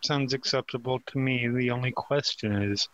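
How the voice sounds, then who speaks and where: A man's voice: medium pitch, little pitch movement, moderate pace, fairly bright tone, highs cut off. A man playing a tabletop game, joking and swearing freely in casual banter. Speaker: player.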